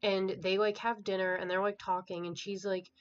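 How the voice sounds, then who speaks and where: In a casual book-review vlog, a woman recaps the plot in a rambling way, full of filler words and sounding exasperated and dismissive. Her medium-pitched voice is flat and moderately paced, recorded at home in dull lo-fi quality with a faint hiss.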